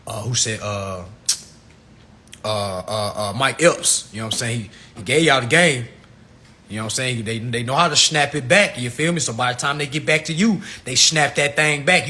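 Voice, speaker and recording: Bright-voiced man ranting on a livestream. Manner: slangy and animated, jumps from low mutters to shouts; laughs at his own jokes. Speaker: livestream host. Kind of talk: casual livestream rant.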